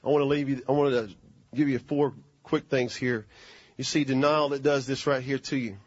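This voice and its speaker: A man's voice: medium pitch, fairly even intonation, normal speed, no echo, muffled recording. A man preaching a fervent sermon and calling for amens.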